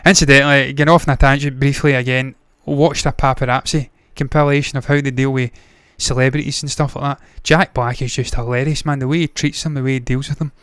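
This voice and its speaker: A man's voice: medium pitch, little pitch movement, fast talker, hardly any pauses, a bit bright, clean tone, dry recording. A man hosting a movie news show, talking casually with blunt, profane opinions and frequent tangents. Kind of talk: casual solo commentary.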